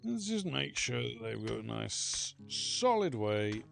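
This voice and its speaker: Gravelly, chatty male game streamer. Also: mid-range voice, sing-song, takes it slowly, fairly bright tone, faint music behind. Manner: rambling, chatty, swears freely. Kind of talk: casual gameplay commentary.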